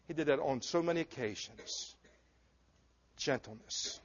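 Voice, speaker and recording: A man's voice: mid-range voice, a little fast. A man preaching a sermon to a congregation in an earnest, emphatic way, with asides to the listeners. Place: church before a congregation. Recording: dull lo-fi recording.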